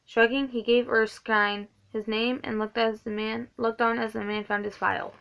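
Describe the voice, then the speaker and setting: Female reader, gravelly, self-correcting read-aloud; muffled lo-fi home audio. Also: a little high, little pitch movement, moderate pace, a bit bright. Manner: stumbles and corrects herself often. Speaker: reader of a book. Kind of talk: reading a novelization aloud.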